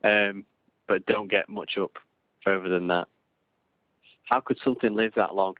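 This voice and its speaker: Deep-voiced man, tinny line. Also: fairly even intonation, measured pace, no echo. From England. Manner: rambling, repeats words, frequent restarts. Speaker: podcast co-host. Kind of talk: casual live-stream chat. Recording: tinny phone-like dry sound.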